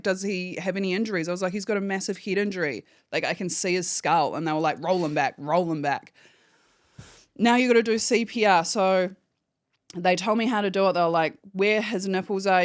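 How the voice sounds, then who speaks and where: A woman's voice: fairly low pitch, clear, resonant tone, no room sound, studio quality. A woman, a podcast guest giving a candid, emotional personal account and swearing freely. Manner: candid, swears freely, acts out phone calls in quotes.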